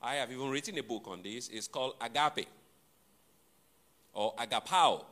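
A man preaching a sermon to his congregation, teaching deliberately, repeating and spelling out key words, with playful asides to the listeners. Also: medium pitch, sharp tone. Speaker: pastor.

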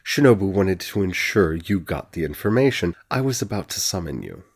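A man voicing a posh, smirking, predatory male curate with a drawn-out polite tone. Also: low voice, lively intonation, slightly rough, full character voice. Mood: sneering.

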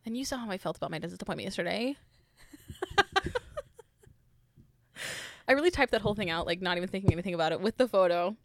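A woman's voice: mid-range voice, lively intonation, creaky. A young woman co-hosting a podcast in casual chat, giggling often and swearing freely. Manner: giggly, swearing, talks in quick bursts. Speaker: podcast co-host.

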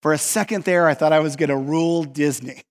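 Male pastor, high voice, lively self-mocking storyteller, big hall with long reverb. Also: brisk. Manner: animated, self-mocking, acts out dialogue. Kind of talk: sermon with comic storytelling.

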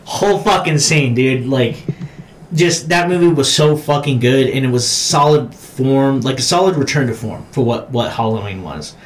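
A man's voice: medium pitch, moderate pace. Guy on a podcast ranting about horror flicks, cusses constantly, acts out the screams, faint hiss behind. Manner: profane, animated storytelling with acted-out shouts. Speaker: podcast co-host. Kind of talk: casual chat about horror movies.

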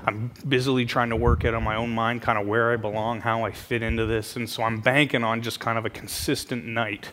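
A man telling a funny story from his own life in a sermon, self-mocking and animated. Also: medium pitch, brisk, few pauses. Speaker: preacher. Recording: hall reverb with faint background noise.

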